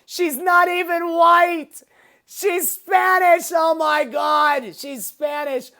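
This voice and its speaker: Woman doing a shouting Boston guy. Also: very high-pitched, fairly even intonation, pitched above the performer's own voice, heavily acted. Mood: mocking. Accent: put-on Boston. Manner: shouting, drawn-out mockery. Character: loud Boston comedian mocking whiners, male, middle-aged.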